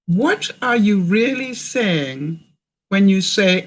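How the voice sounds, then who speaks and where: An older Canadian woman vlogs on a livestream in an animated, mid-range voice at a slow pace. She reads viewer comments and coaches her audience by asking them questions.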